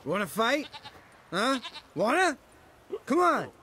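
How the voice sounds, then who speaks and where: A man's voice: very high voice, huge pitch swings, slow, bright, forceful tone, a little hiss or hum, exaggerated voice. An actor playing a brash, sarcastic male witcher who is drunk, mocking and quarrelsome.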